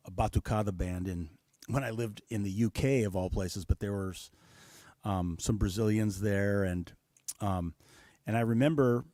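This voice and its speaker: A man's voice: mid-range voice, a little mellow, dry recording. A man being interviewed about drumming, explaining rhythms and counting and singing the beats aloud. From Seattle-based. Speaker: guest musician, drummer.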